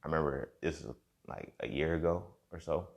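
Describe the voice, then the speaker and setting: A man's voice: extremely low pitch, fairly quick, creaky. A young man hosting a podcast, talking in a reflective casual monologue and often checking in with "you feel me". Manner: conversational, repeats himself, frequent "you feel me". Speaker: podcast host.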